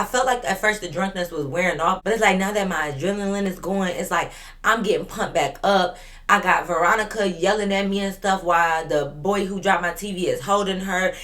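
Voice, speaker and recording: A woman's voice: fairly low pitch, a bit bright. A young woman vlogger telling a story in a casual storytime, talking straight to viewers and acting out what other people said.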